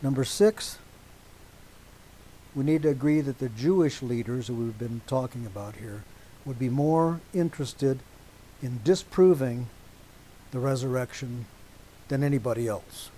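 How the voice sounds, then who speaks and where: A man preaching a teaching sermon to a congregation, deliberate and emphatic, stopping often to check that his listeners agree. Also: medium pitch, mellow, slight background noise, low-quality recording.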